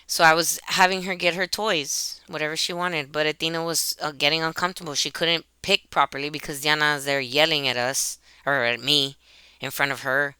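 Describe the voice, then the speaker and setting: A woman, a mother, recounting a personal family conflict to a webcam in a halting way, repeating words and restarting sentences. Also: low voice, fairly even intonation, pushed and bright, clear, resonant tone, no room sound. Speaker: mother telling a personal story. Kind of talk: emotional personal storytelling to camera.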